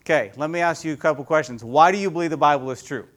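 A man with a high voice gives a relaxed, chatty sermon as a youth pastor. He keeps turning to the congregation with questions, speaking from a church. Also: very fast. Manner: conversational, asks the audience many questions.

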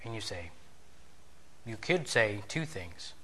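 A man with a fairly low, slightly bright voice delivers a conversational sermon lesson in a slow, sing-song manner. He tells a story, acts out bits of dialogue, and puts questions to his listeners.

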